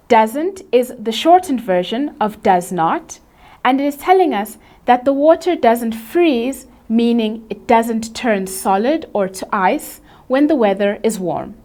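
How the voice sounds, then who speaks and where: Clear-spoken woman teaching English grammar. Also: fairly high pitch, a little mellow. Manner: clear, measured explanation with slow, careful example sentences. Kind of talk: scripted grammar lesson.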